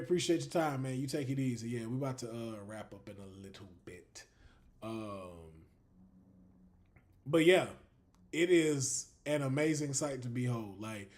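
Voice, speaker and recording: A man hosting a live stream, talking to his chat in a loose, unscripted way. His voice sits in the middle of the pitch range but leaps up and drops low as he gets excited, breaking into laughter and cursing freely. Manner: animated, laughing, swearing, drawn-out fillers. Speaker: livestream host. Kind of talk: casual livestream chat.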